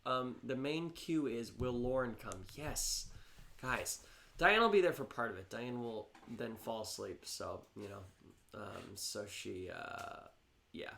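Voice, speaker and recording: Male livestream co-host, mid-pitched, loose and rambling, echoey room. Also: slow, creaky, sharp tone. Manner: rambling, chatty, restarts sentences. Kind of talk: casual livestream chat.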